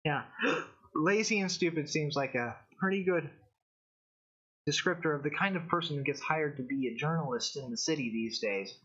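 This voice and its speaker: A man with a fairly high voice rambles through casual stream commentary, stopping and restarting his sentences often. The audio is dull and lo-fi, like a cheap stream mic. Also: a bit bright. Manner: rambling, halting, many restarts. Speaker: show host.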